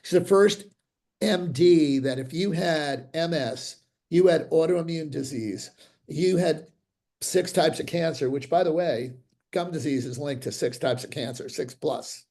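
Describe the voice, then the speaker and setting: A man's voice: fairly high pitch, a little slow. An older man, a dentist, telling stories animatedly in an interview over a video call, with frequent restarts. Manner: animated, acts out quoted voices, frequent restarts. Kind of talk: interview storytelling.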